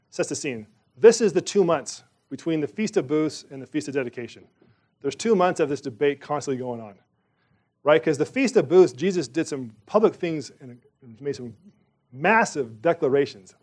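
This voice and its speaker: A male pastor delivering a sermon in a loose, conversational style, with a slightly higher-than-average voice. He rambles, restarts his sentences and leans on fillers, then presses his points with emphasis. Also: a little mellow.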